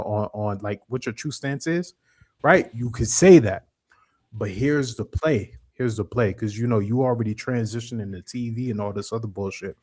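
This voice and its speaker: An American man co-hosting a casual podcast at an ordinary middle pitch. He talks bluntly and rambles, with heavy profanity. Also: a little mellow. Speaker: podcast co-host.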